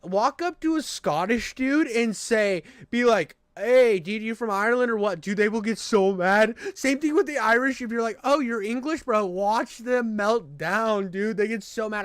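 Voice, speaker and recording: High, clear-voiced rambling young man. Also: a bit bright, no echo. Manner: rambling, profane, full of restarts. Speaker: online commentator. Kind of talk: casual stream commentary.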